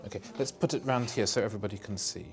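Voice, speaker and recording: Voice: medium pitch, racing, a crowd in the background. A teacher in a classroom drill, modeling words aloud and prompting learners to answer. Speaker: language teacher.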